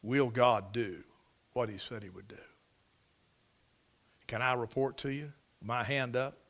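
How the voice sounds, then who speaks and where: A man preaching a sermon, telling the story dramatically and swinging from loud exclamations to near whispers. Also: medium pitch, fairly even intonation, unhurried.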